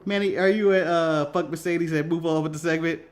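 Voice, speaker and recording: Co-hosting a relaxed wrestling recap, this American man speaks in a fairly high, steady voice at a fairly quick clip. He's full of energy, laughing frequently as he runs through his notes on the podcast.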